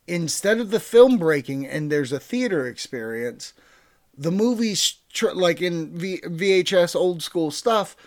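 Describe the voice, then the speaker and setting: A young man chatting casually about films and TV, rambling and excitable, with swearing, fillers, loud bursts and mumbled asides. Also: sits high, measured pace. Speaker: pop-culture reviewer. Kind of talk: casual chat.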